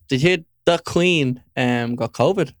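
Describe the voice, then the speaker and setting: Throat-clearing podcast co-host. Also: male voice, mid-range voice, slow pace, dry recording, studio quality. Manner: teasing, swears freely, frequent throat clearing. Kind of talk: casual chat.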